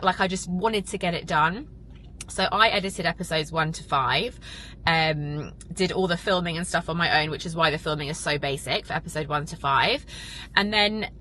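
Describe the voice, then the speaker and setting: A woman's voice: on the low side, sharp tone, a little hiss or hum, poor audio. A young woman talking to camera in a casual vlog, emotional and rambling, with lots of fillers. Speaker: vlogger and podcast host.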